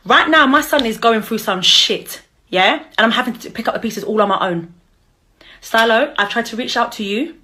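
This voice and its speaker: A woman's voice: on the high side, normal speed, bright, forceful tone. A young woman ranting and cussing in an angry call-out vlog. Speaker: vlogger, mother.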